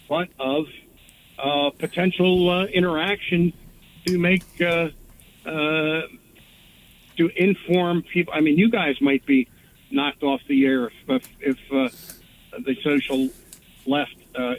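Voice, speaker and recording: A male caller on a radio show, speaking haltingly with many pauses and restarts. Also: fairly high pitch, a little hiss or hum. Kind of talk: call-in talk radio. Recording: phone line.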